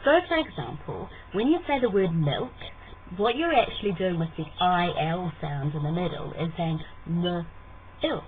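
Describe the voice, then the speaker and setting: A woman's voice: on the low side, expressive, normal speed. A woman from New Zealand with a New Zealand accent, playfully explaining her accent in a casual vlog. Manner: playful, teasing, demonstrates vowels. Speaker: vlogger. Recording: tinny lo-fi webcam audio with faint hiss.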